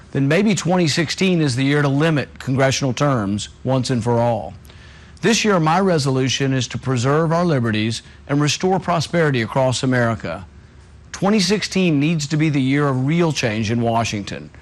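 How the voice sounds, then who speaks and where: A man, a presidential candidate, reading an earnest scripted campaign greeting. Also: medium pitch.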